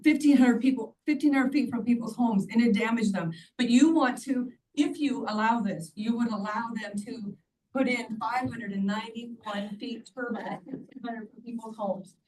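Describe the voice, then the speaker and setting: Her fairly high, darkish voice carries earnest, pleading testimony at a county hearing, where she is a public commenter in her sixties. The recording, made in the county meeting room, uses a distant mic and has faint background noise.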